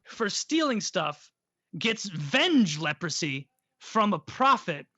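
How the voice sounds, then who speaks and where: A man's voice: high voice, sing-song, slow, sharp tone, no echo. A male podcast host telling a story in a casual, irreverent and profane way, full of jokes. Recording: dull dry recording.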